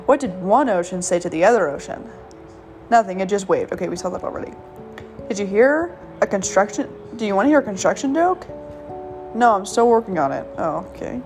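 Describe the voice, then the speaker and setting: A woman's voice: medium pitch, lively intonation, a little fast, soft background music. A woman hosting a casual solo podcast, reading jokes aloud with frequent giggles and stumbling over the punchlines. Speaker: podcast host.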